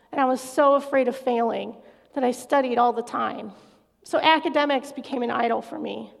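A woman's voice: sits high, gravelly. A middle-aged woman giving an earnest, confessional personal faith testimony as a guest speaker in a large hall. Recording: echoey hall reverb.

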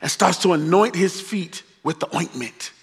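A male pastor preaching a storytelling sermon, joking in slangy, animated retelling. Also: sits high, normal speed, breathy edge. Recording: long reverb of a large hall.

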